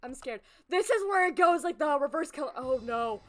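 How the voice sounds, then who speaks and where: Excitable high-voiced woman streamer. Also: fairly quick, hardly any pauses. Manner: excitable, laughs often, talks to chat. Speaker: game streamer. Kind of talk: excitable live-stream chat.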